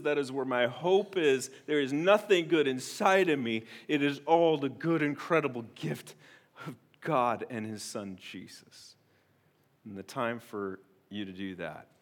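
Speaking straight to his congregation, this pastor delivers a sermon in a mid-range voice. His earnest preaching swings between quiet, personal appeals and booming, emphatic statements.

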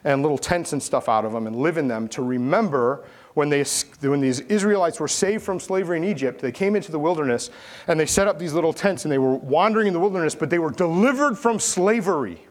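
A man preaching a sermon, telling stories with animated swings from loud calls to hushed asides. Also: fairly high pitch, fast talker. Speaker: pastor.

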